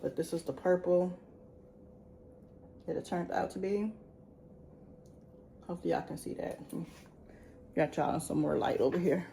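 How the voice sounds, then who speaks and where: Standing at a sink in an indoor room, a woman with a lowish, gravelly, mellow voice walks through dyeing a wig at a measured pace, leaving long pauses. She's a beauty vlogger doing a casual tutorial, chatting nervously and laughing at herself, in an echoey space with faint background noise.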